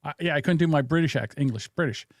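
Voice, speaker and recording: A man's voice: on the high side, fast, dry recording. A man co-hosting a casual podcast, talking loosely, swearing and tripping over words. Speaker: podcast co-host. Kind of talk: casual rant chat.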